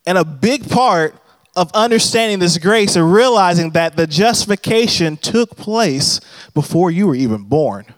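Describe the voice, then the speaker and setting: A man's voice: sits high, lively intonation, normal speed, no room sound. A young man preaching a sermon in a conversational, humorous storytelling manner. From Texas. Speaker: pastor.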